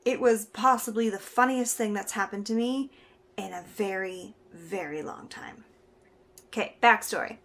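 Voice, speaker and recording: A young Canadian vlogger tells a funny personal story to the camera in a chatty, casual way, laughing now and then. Her mid-range voice is fairly bright and moves at a moderate pace.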